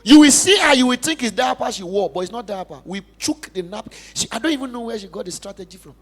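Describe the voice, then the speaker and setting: A young adult pastor from Nigeria with a Nigerian accent, giving an emphatic, passionate sermon testimony in church. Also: male voice, high-pitched, quick pace, faint music behind. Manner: emphatic, passionate preaching with big swings in loudness.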